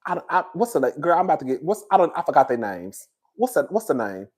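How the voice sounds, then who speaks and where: Animated trash-talking reality TV commentator. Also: male voice, fairly high pitch, quick pace, husky. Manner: animated, swearing, says girl constantly, laughs. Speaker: host.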